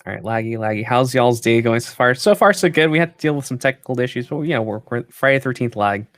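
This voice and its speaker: A man's voice: mid-range voice, fairly even intonation, quick pace, no echo. A man hosting a live stream off camera, chatting in an upbeat way with viewers. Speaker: stream host. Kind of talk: casual live-stream chat. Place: off-camera, remote.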